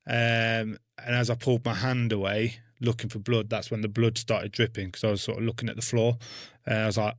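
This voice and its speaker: A man, an army veteran being interviewed, telling a war story bluntly with constant swearing and dark humour. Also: on the low side, level tone, brisk, dry recording, studio quality. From England.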